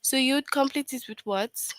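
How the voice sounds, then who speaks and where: A patient woman teacher runs an online grammar lesson for small children, voice sitting a little high. She repeats each point slowly and keeps checking in with quick questions. The sound is close and dry, with no room around it. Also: no echo, poor audio. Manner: patient, repetitive, checks in with "okay?" and "right?".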